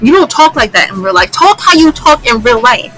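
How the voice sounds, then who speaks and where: Bright-voiced young woman ranting on a vlog. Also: a little high, big pitch swings, fairly quick, faint music behind, low-quality recording. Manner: exasperated, repeats lines for emphasis. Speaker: YouTuber. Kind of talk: vlog commentary rant.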